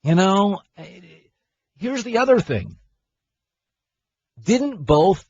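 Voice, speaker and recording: Ranting sports radio host, higher voice. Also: male voice, husky, dry recording, highs cut off. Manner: incredulous, ranting, sarcastic. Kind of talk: opinionated sports talk.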